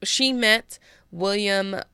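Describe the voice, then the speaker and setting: A woman's voice: medium pitch, extremely slow, sharp tone, clean tone, dry recording, studio quality. A woman hosting a casual chat, reading an article aloud and often breaking off to joke and ramble. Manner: rambling, self-interrupting, giggly. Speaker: podcast host.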